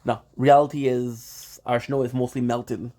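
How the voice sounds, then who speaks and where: A man's voice: mid-range voice, level tone, measured pace, mellow. A man live-streaming, rambling playfully and talking straight to his viewers. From Canada. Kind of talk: casual live-stream chat.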